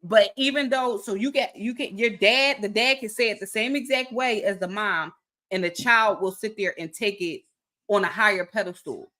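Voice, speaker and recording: Woman, host, bright forceful voice, emphatic, casual video-call chat. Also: medium pitch, moderate pace. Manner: emphatic, asks the audience directly.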